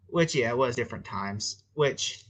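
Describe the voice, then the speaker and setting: A man's voice: mid-range voice, lively intonation, normal speed, fairly bright tone, rough recording. A man with an American accent hosting a casual livestream chat, rambling and chatty with laughing asides. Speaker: host.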